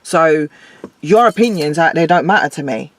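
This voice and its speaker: A woman's voice: sits low, lively intonation, normal speed, no echo. Woman musician chatting in an interview, earnest, laughs a lot, dead dry sound. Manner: earnest, reflective, laughs easily, gets emotional. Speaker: guest musician. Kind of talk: casual interview chat.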